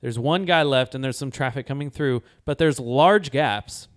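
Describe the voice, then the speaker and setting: Man with a smooth, clear voice. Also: mid-range voice, moderate pace. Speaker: podcast co-host. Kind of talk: casual chat.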